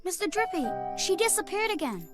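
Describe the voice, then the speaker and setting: A man voicing a polite, earnest young boy who speaks softly and asks puzzled questions. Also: very high voice, very animated, a little fast, voice pushed up. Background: game music.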